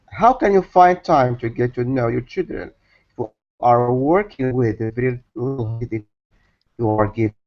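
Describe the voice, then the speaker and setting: A man's voice: mid-range voice, a little mellow. A man, a learner, carefully reading a paragraph aloud to his teacher. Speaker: English student. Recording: dull lo-fi call audio.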